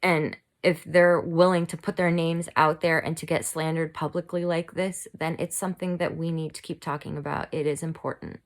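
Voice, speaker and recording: A woman's voice: deep voice, fairly even intonation, normal speed, hardly any pauses. A woman vlogger delivering a heated, angry commentary, shaking and fired up as she rants. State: shaking with anger. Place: home room, bad lighting.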